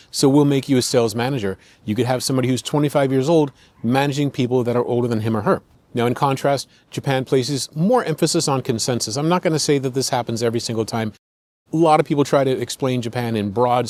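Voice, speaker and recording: A man's voice: mid-range voice, a little mellow, dry recording. An American man hosting a podcast, explaining points in a conversational, listing manner and acting out quoted speech. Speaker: podcast host. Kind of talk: explanatory commentary.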